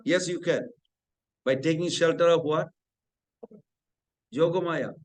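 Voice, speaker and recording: A man leads a devotional scripture class. His voice sits fairly high, and it climbs higher still whenever he acts out the characters' lines in the story he is telling. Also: measured pace, low-quality recording. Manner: storytelling, acting out dialogue with rising pitch.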